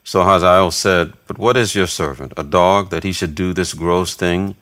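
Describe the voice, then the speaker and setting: A man giving a steady, measured reading of scripture, voicing narration and quoted speech alike. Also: deep voice, dry recording. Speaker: scripture reader.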